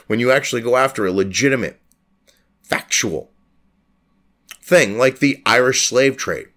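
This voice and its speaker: A man's voice: mid-range voice, fairly quick, fairly bright tone. A man hosting a commentary channel, reading a news article aloud and breaking into profane, scornful rants about it. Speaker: host.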